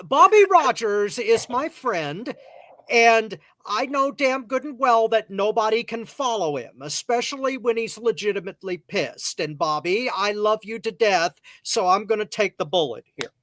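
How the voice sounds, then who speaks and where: A man hosting a podcast who gives careful, measured commentary. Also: high-pitched, animated, bright, forceful tone, no echo. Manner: slow, deliberate, careful. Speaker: podcast host. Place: cigar lounge, live on location.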